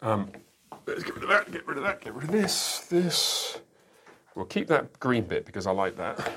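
A man's voice: mid-range voice, very animated, moderate pace, background noise. A man who is a pastor, teaching a school Bible class in a classroom, explaining emphatically and asking rhetorical questions. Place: classroom with a whiteboard.

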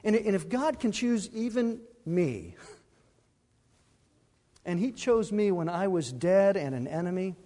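High-voiced preacher in an echoing hall. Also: male voice, takes it slowly, long pauses. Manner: animated, emphatic preaching with asides and laughs. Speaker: pastor. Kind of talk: sermon.

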